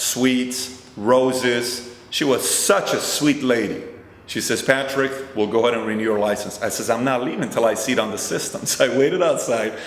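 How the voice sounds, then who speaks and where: Male host, motivational storyteller, lively and expressive, reverberant hall sound. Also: medium pitch. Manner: animated, acts out both sides of conversations. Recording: roomy hall with long reverb.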